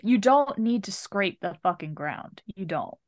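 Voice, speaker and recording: Female co-host, lively pitch, unhurried delivery, dry close sound. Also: no echo. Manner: expressive, laughs easily, emphatic exclamations. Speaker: podcast co-host. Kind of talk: casual movie review chat.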